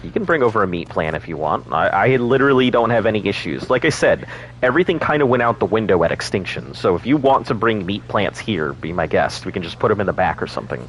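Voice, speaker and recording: A man's voice: lowish voice, sing-song, quick pace, a little hiss or hum. A man streaming a game, chatting casually and rambling, laughing often. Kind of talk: casual gaming chat.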